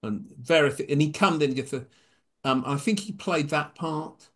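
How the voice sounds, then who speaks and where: A man's voice: on the high side, moderate pace. A man from England, a poet, reading a comic poem and then chatting hesitantly about his work with a wry humor. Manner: wry, hesitant between poems, animated when reciting. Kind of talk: poetry reading and chat.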